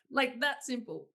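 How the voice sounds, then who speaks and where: Bright-voiced woman telling stories. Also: high voice. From Australia. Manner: animated, laughing, quoting herself in exclaimed asides. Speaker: guest, singer-songwriter. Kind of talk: casual interview storytelling.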